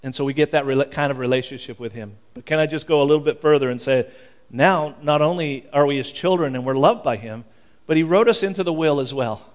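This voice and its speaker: In a church, a male pastor preaches a fervent, animated sermon in a conversational style, restarting often. His voice is a little high and fast.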